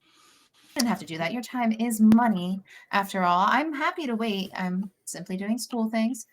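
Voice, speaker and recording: A prim teenage noble girl, pale and proper, voiced by a woman with bright, raised pitch. She keeps her words overly polite and her cheer forced. She speaks a little louder than her usual talk. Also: normal speed, slight background noise, close to an everyday voice. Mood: strained polite.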